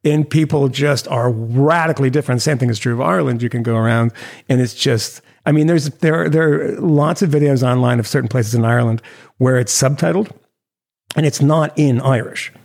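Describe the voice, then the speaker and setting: A man co-hosting a podcast, talking in a rambling, animated way full of restarts and fillers. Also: mid-range voice, a little fast, vocal fry. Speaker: podcast co-host. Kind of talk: casual chat.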